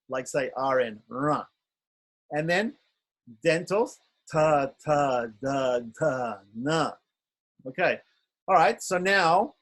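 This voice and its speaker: A man teaching pronunciation in an online class, patiently drilling and overemphasizing each syllable. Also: a little high. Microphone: video call.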